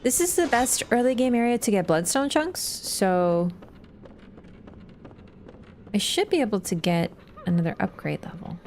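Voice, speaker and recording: A woman streams a game and talks casually to her chat the whole time. Her pitch swings around with a lively, animated lilt. She is chatty and laughs easily, with swearing scattered through her talk. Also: measured pace, pauses often, a little hiss or hum. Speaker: livestreamer. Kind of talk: casual gaming livestream commentary.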